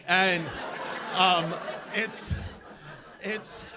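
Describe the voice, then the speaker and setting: A man's voice: high voice, fairly even intonation, extremely slow. A man from New doing live stand-up comedy in a club, rambling and self-deprecating while teasing the crowd. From New York. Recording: live club, loud audience and room noise.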